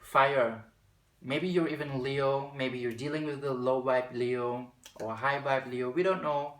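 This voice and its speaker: A man with a medium-pitched voice speaks a little slowly with fairly even intonation, recorded in an echoey room. He is a tarot reader giving a chatty spiritual card reading who at times slips into a British accent and reads card text aloud.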